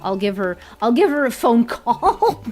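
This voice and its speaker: A woman's voice: on the high side, big pitch swings, measured pace, a little mellow, faint music behind. A young woman streaming casually as a VTuber, rambling and laughing often, repeating herself as she goes. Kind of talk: casual chat.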